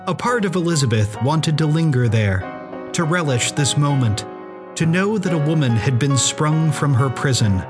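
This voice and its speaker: Measured male narrator over music. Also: fairly high pitch, animated. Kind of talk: scripted audio drama narration.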